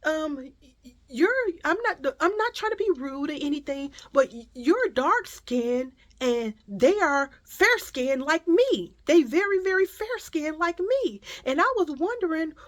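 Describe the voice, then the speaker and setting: A woman plays a prying lady shopper in a high, fluttery voice. She stammers and trips over her words, apologetic but nosy. The voice swoops up and down. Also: big pitch swings, unhurried. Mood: flustered prying.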